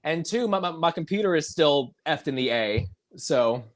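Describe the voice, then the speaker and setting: A man hosting a casual movie podcast, easygoing and quick to laugh. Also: fairly high pitch, lively intonation. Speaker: podcast host. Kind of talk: casual chat.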